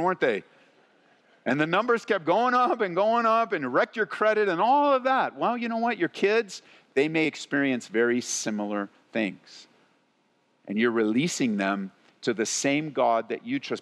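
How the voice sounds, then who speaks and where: A man's voice: a little high, animated, fairly bright tone. Man preaching with long hall reverb. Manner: acts out worried parents in quick asides, preaches with shifting intensity. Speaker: pastor. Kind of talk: sermon.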